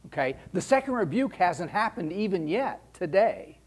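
A man's voice: high voice, sing-song, normal speed, slightly rough. A middle-aged man teaching scripture in a conversational sermon style, often repeating words as he searches for the phrase. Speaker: Bible teacher.

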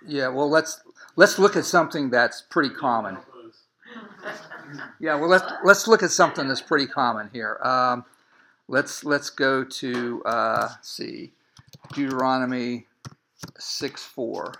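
A man's voice: mid-range voice, measured pace, long pauses, pushed and bright, a little hiss or hum. A man teaching a class on scripture, with many fillers and repeated words as he explains. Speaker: bible teacher.

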